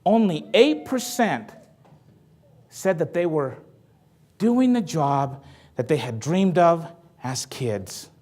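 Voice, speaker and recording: A man giving a motivational talk to an audience, telling stories in a lively, jokey way. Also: a little high, takes it slowly, long pauses. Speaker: motivational speaker.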